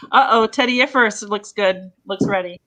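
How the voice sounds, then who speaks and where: A woman's voice: medium pitch, bright, forceful tone, poor audio. A woman hosting an online improv game in a casual, bubbly way, laughing often.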